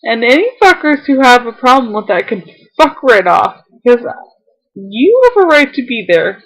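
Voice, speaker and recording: A woman's voice: a little high, sing-song, moderate pace, a bit bright, poor audio. A young woman on a casual vlog, reading a heartfelt letter aloud to her viewers, tearful and fighting back tears, laughing now and then between lines.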